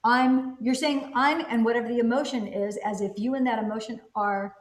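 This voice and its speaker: A woman host talks in a rather high voice, pressing her points with quick rhetorical questions and snapping back her own answers. The room around her gives the recording a noticeable echo. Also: steady tone. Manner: emphatic, asks rhetorical questions and answers them. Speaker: host reviewing a self-help book. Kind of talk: casual teaching conversation. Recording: roomy echo.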